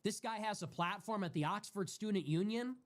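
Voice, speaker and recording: High-pitched man in a profane, furious rant. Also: brisk. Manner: repeats himself for emphasis. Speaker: livestream host. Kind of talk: heated solo livestream rant.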